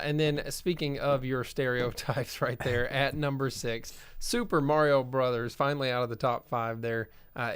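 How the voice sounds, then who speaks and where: A man's voice: medium pitch, smooth. A man co-hosting a movie podcast, reading box office figures in a matter-of-fact, casual way. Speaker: podcast co-host.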